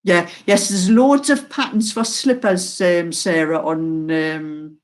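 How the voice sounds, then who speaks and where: Older geordie lady, knitting channel host, slow chatty talk, laughs a lot. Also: fairly low pitch, steady tone. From North East England. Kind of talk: casual chat to viewers.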